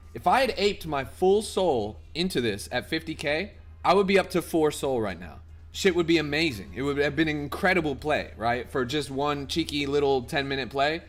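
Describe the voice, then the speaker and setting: A young man live-streaming his trades with a fairly high voice that leaps all over the place. He talks bluntly and profanely to his chat, swinging between low muttering and sudden loud shouts. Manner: excitable, bursts into loud shouts. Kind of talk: live trading stream commentary.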